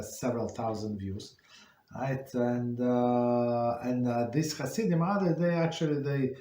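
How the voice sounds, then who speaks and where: A man teaching an online Torah class, telling a story haltingly with many fillers and restarts. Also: mid-range voice, warm tone. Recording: roomy echo.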